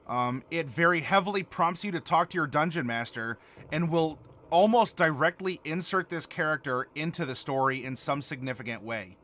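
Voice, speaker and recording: A man's voice: on the high side, moderate pace, sharp tone. A man hosting a live stream, chatting casually and answering viewer comments while he builds a game character. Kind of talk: casual livestream chat.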